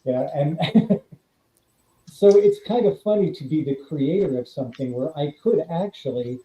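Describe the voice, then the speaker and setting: A Californian man, a guest actor and author, chats casually in an interview with a somewhat high voice at normal speed. He's an animated storyteller who acts out the voices of people he quotes. The remote audio sounds dull and roomy.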